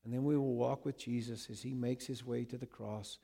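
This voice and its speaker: Gravelly, mellow-voiced male preacher. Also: medium pitch, steady tone, fairly quick. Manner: dramatic shifts between loud emphasis and hushed repetition. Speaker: pastor. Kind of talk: sermon.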